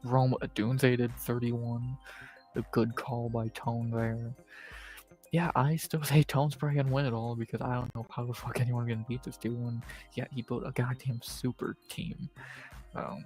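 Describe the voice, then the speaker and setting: A man hosting a live stream, recapping his fantasy football league in a low, laid-back monotone with plenty of profanity. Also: moderate pace, faint music behind. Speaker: stream host. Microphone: streaming setup, close mic.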